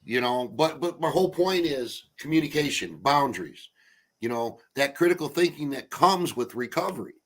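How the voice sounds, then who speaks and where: A man's voice: medium pitch, expressive, normal speed, fairly bright tone. A man talking bluntly in a casual recovery group chat, swearing freely. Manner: blunt, swears freely, laughs through stories.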